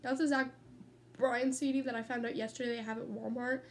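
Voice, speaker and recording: Brisk and fairly high-pitched with a level tone, this teen vlogger rambles casually from her bedroom at home. She swears freely, tells stories, and keeps getting sidetracked. The recording has a little hiss or hum.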